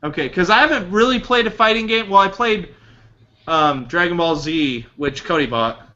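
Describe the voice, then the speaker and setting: A man's voice: high voice, normal speed, bright, forceful tone, dull audio. A man co-hosting a casual gaming podcast, rambling and laughing often. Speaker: podcast co-host. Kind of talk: casual chat.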